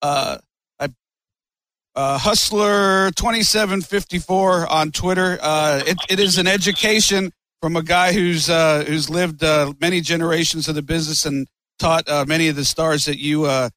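Brief: male podcast host, bright forceful tone, higher voice, dry close sound. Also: fairly even intonation, moderate pace, no room sound. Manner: easygoing, filler-heavy wrap-up talk. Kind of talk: casual interview chat.

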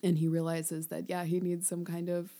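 A chatty woman co-hosting a book chat, her voice sitting a bit low. She talks loosely, laughs easily and trails off mid-thought. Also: completely flat delivery, normal speed, mellow. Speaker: podcast co-host. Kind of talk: casual book discussion chat.

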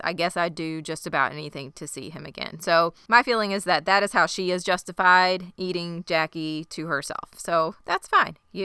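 A woman co-hosts a podcast, recapping an episode in a casual, animated way and slipping into the characters' lines as she goes. Her voice is bright and crisp, and sits a little low. The recording is dry and close. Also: dry recording. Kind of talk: casual chat.

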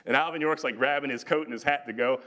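A man's voice: mid-range voice, fast. A man giving a storytelling history lecture in a lecture hall, acting out the quotes as he goes. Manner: animated storyteller who acts out quotes.

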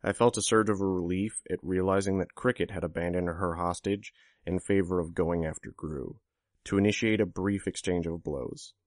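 A man narrating first-person fiction in a steady, measured reading style. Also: low voice, no room sound, clean studio sound. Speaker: audiobook narrator.

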